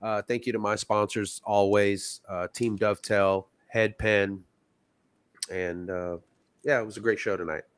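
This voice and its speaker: A man's voice: on the low side, steady tone, a little slow, clean tone, dry recording. A man from Texas, a guest sounding stuffy from a cold, telling stories in an earnest, reflective way. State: stuffy, sick. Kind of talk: casual chat.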